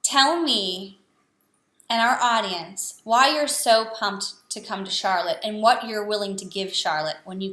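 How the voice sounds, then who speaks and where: A woman hosting an interview, speaking in a warm, effusive and emotional way. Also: medium pitch. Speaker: interview host. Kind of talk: casual interview talk. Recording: roomy echo.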